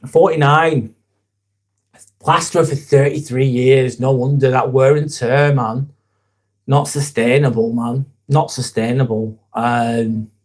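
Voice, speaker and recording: A young man hosts a casual live vlog, talking in an earnest, rambling way and swearing casually. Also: mid-range voice. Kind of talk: casual live-stream chat.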